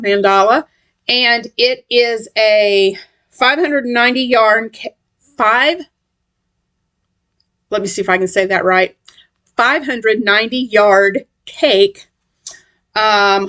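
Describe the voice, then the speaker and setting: A middle-aged woman hosts a homey crochet vlog. She talks in a loose, rambling way, full of ums and restarts as she checks her work. Her voice sits in a middle pitch. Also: fairly bright tone. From West Tennessee, USA. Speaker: crochet channel host. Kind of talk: casual craft vlog chat.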